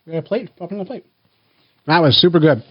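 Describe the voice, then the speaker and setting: A man hosting a blindfolded family taste test in a casual, playful way, counting down loudly before each bite. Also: fairly high pitch, lively intonation, fast, slightly rough, no echo, muffled recording. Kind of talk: casual family vlog chat.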